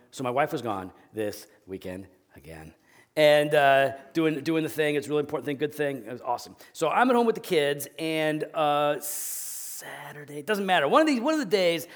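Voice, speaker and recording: A male pastor in his thirties preaching a sermon, telling candid, self-deprecating stories about his family, with sudden bursts of acted yelling. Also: medium pitch.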